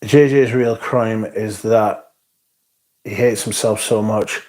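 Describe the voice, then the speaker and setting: A man's voice: on the low side, fairly even intonation, slow, darkish tone. Blunt, sweary man on a livestream. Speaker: livestream host. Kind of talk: casual livestream chat, reading viewer comments.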